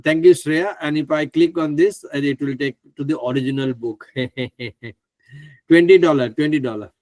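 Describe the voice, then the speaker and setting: A man presenting a live online trading class, chatty and excitable, who laughs often and stumbles over names. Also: on the high side, moderate pace, no echo. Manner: stumbles over names, asks others to pronounce them.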